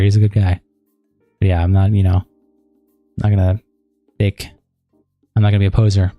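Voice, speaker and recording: A man hosting a casual livestream, chatting with viewers in a loose, profane way, full of fillers and sarcastic, deadpan asides. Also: on the low side, fairly quick, pauses often, dry recording, lo-fi sound, soft background music. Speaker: livestream commentary host.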